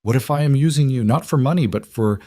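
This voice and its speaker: A man's voice: mid-range voice, fast talker, mellow, no room sound, clean studio sound, pitched above the performer's own voice, natural voice. A man voicing an upset young woman, a ranch cook in a western story, pleading and distraught.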